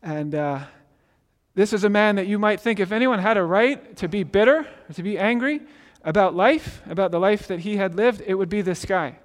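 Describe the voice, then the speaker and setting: Guy preaching, kinda high voice, chatty, keeps saying right?, big echoey hall. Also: normal speed. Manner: conversational, repeats "right?" and restarts words. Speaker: pastor. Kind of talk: sermon.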